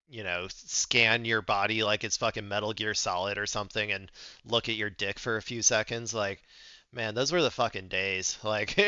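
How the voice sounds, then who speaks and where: A man reacting to clips with casual, profane, sarcastic commentary. His voice is smooth and resonant but slightly low. The sound is dull and lo-fi, with a narrowed band. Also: bright, forceful tone, no echo. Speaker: political commentary streamer.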